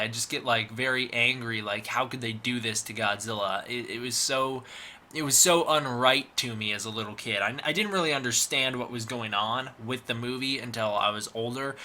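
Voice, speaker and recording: A man's voice: mid-range voice, sharp tone. A young man giving a rambling, enthusiastic film review monologue full of restarts and repeats. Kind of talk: casual video review monologue.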